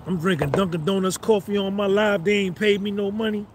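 A man in his fifties brags through a motivational rant on a live phone stream, with a fairly high voice. He swaggers and hammers each point by repeating it. Faint street traffic hums behind him outdoors. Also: steady tone, a little fast. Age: 50s. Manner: swaggering, repeats phrases for emphasis. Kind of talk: boastful motivational monologue.

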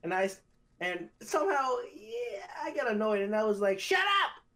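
A young man spins a story for his podcast co-hosts, his pitch leaping around as he acts out what people said. The talk is loose and casual. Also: moderate pace. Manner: animated storyteller, acts out quotes in high voice. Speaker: podcast co-host.

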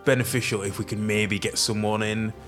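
A man playing in a tabletop game, chatty and quick to laugh. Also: on the low side, flat delivery, a bit bright, soft background music. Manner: chatty, giggly. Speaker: player. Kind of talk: casual tabletop play.

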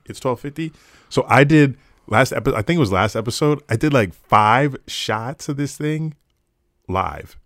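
A man's voice: mid-range voice, expressive, normal speed, fairly bright tone, no room sound, clean studio sound. A man co-hosting a podcast, chatting casually with loose, laughing banter and frequent swearing. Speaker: podcast co-host.

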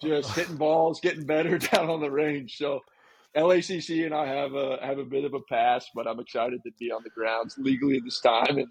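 A man's voice: a little high, brisk, gravelly, slightly rough, poor audio. A man co-hosting a podcast, telling stories in a laid-back, chatty way. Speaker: podcast co-host. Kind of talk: casual chat.

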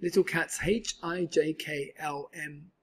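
Guy reading a kids book doing the bragging cat in the hat, loud and showy, kinda husky. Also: on the high side, slow. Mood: boastful. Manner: lively, showy, exclaiming. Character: cheerful boastful male cat in a tall hat. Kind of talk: storybook read-aloud.

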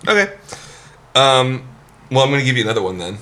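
A man hosting a casual podcast, animated and laughing often as he asks his co-hosts questions. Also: medium pitch, fairly quick. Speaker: podcast host.

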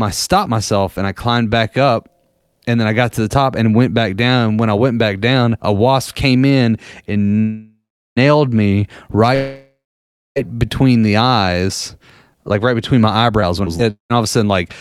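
Here a fairly low, clean-toned male voice carries the same casual storytelling chat. He's in his thirties or forties, rambling through profane stories and laughing along, with no room sound in the recording.

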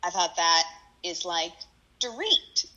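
A woman co-hosting a casual chat, animated and acting out quotes in voices. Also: lowish voice, takes it slowly, lo-fi sound. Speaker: podcast co-host. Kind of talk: casual chat about a reality show.

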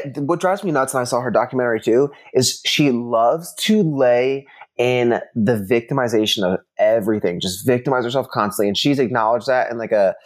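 A man co-hosting a casual gossip chat, rambling and animated as he vents his opinions. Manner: rambling, animated, jumps between pitches. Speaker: podcast co-host.

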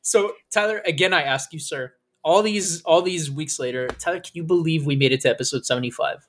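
Fast-talking man on a podcast. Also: on the high side, a bit bright. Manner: fast-talking, swears, laughs often. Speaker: podcast co-host. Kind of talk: casual podcast chat.

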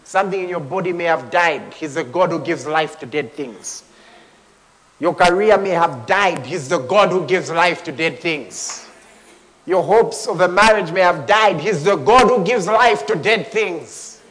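Impassioned high-voiced male preacher. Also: lively intonation, measured pace, big-room sound. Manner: impassioned, swings between hushed and shouting; speaks in tongues. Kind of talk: sermon.

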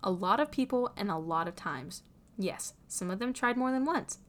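A woman's voice: medium pitch, fairly even intonation, normal speed, a little mellow, natural voice. A woman voicing an earnest young man who bursts into emphatic exasperation, read from a fan story. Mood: exasperated. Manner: emphatic, rising to exasperated outbursts.

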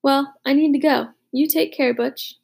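A woman's voice: sits high, steady tone, measured pace, gravelly, darkish tone. A woman voicing an earnest, anxious young boy caught up in a war, in an audiobook.

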